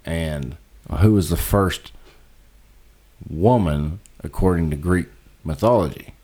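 A man's voice: low voice, takes it slowly, mellow. A man co-hosting a podcast in casual chat, blunt, sweary and teasing. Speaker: podcast co-host.

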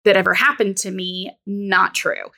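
Bright, gravelly-edged woman telling her story. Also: medium pitch, steady tone, moderate pace. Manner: candid, reflective, many "you know" fillers. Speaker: business coach, guest. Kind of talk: personal storytelling in interview.

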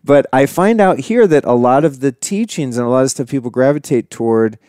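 A man's voice: medium pitch, brisk, a little mellow, smooth, dry recording, clean studio sound. A man hosting a podcast, talking in a casual, rambling and upbeat way with lots of fillers. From California. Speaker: podcast host. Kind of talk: casual conversation.

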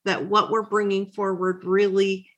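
A woman's voice: mid-range voice, level tone, a little slow, dull audio. A woman hosting an interview, talking in a reflective, affirming way and wrapping up the conversation. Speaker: podcast host.

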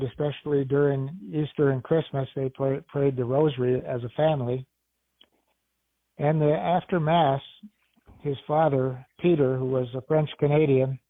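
A man, a deacon, recalling memories of someone he knew in a halting, restarting way. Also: medium pitch, no echo. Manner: halting, many restarts and fillers. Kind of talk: interview recollection. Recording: tinny phone-like sound with faint music.

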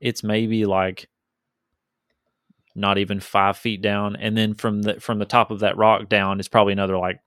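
A man's voice: lowish voice, flat delivery, moderate pace, a bit bright, no room sound, clean studio sound. A man running a tabletop game as game master, talking casually with many restarts and fillers. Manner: casual, hesitant, repeats words.

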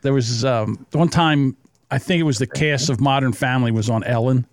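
A man's voice: mid-range voice, normal speed, dry recording, studio quality. A man co-hosting a podcast in casual banter, laughing often and swearing freely. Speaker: podcast co-host.

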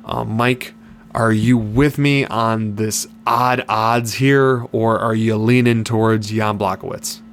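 A man co-hosting a casual fight podcast speaks in a lowish voice. He talks confidently and upbeat about his picks and bets. A faint hum sits under the recording. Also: steady tone, takes it slowly. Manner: confident, upbeat betting talk. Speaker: podcast co-host.

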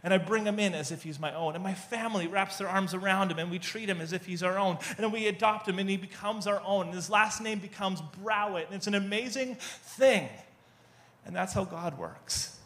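A man in his thirties, a guest speaker at a church, telling family stories in an animated way with many restarts. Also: sits high, a little fast. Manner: animated storytelling with frequent restarts. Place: church gathering.

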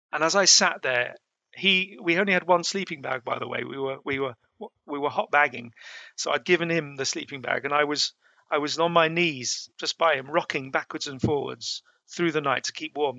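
A middle-aged mountaineer tells his story casually in a gravelly voice that's slightly raised, on the high side, with a bright edge. He speaks haltingly, with many restarts and fillers. The sound is close and dry, with no echo or room around it.

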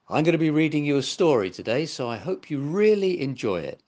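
An older man reading a children's story aloud as host, very expressive. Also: fairly high pitch, a little fast, faint music behind. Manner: warm, very expressive read-aloud delivery.

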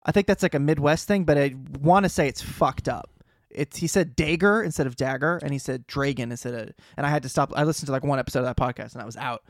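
A man's voice: mid-range voice, fast, dry recording, studio quality. A man co-hosting a podcast, chiming in with joking asides and casual swearing. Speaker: podcast co-host. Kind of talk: casual banter.

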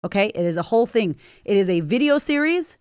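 A woman's voice: mid-range voice, sing-song, quick pace, a little mellow, clear, resonant tone, no echo. Forty-something woman podcasting, blunt and sweary, fired-up pep talk, dry close mic. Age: 40s. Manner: blunt, profane and emphatic. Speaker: podcast host. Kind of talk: motivational podcast monologue.

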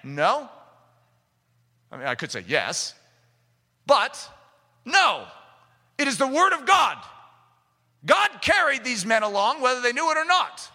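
A man preaching a sermon with fervor, rising to shouts and mimicking the voices of doubters. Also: extremely high pitch, huge pitch swings, measured pace, pauses often. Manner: impassioned, rising to shouts, acting out skeptics' voices. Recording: long reverb of a large hall.

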